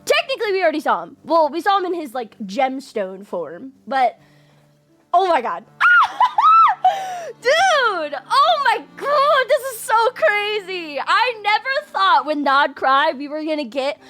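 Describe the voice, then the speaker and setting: A woman's voice: extremely high pitch, wildly swooping pitch, slow pace, raised voice, over loud music. A young woman reacting to a game for her channel, gushing, squealing and apologizing as she fangirls. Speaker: gaming video creator. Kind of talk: excited game reaction commentary.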